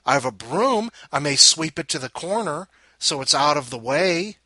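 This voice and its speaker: A man hosting a podcast, tired and sarcastic, swinging from loud outbursts to muttering. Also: fairly high pitch, expressive, moderate pace, no room sound. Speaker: podcast host. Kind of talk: casual rant.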